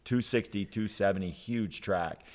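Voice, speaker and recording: Man, fifties, lowish voice, animated storyteller, casual chat. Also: normal speed. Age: 50s. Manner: animated storyteller, frequent restarts and "right?". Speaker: guest telling a hunting story.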